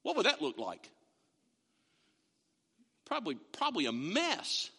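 A man preaching a sermon to a congregation, animated and acting out the imagined voices of other people as he talks. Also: high-pitched, measured pace, husky, big-room sound. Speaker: pastor.

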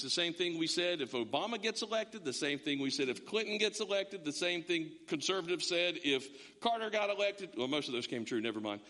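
A middle-aged male pastor preaches with a high, bright, forceful voice that rings through a long hall reverb. He talks in an animated, joking way, stumbling over restarts as he goes. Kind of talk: sermon.

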